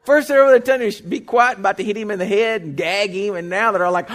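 A male pastor preaching a sermon, animated, with loud bursts, folksy joking asides and call-and-response questions to the congregation. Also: high-pitched, fast.

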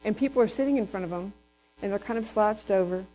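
A woman from Texas, preaching a sermon in a lively storytelling way and asking the congregation questions. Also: medium pitch, fast, a little hiss or hum, poor audio. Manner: lively storyteller who acts out quotes and asks the congregation questions.

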